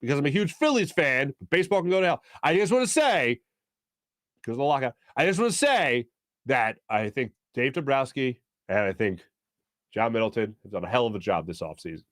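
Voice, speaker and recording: A man hosting a sports talk show, rambling in quick, animated bursts full of fillers and reading ads live. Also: mid-range voice, dry recording.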